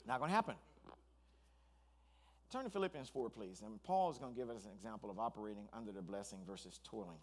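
A man, a pastor, preaching a sermon in an animated storytelling way, with asides and restarts. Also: lowish voice, fast, long pauses.

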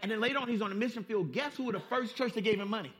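A male pastor preaching a sermon, emphatic and folksy, repeating phrases and swinging between hushed and loud. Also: sits high, racing. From Southern California. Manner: folksy street-style preaching.

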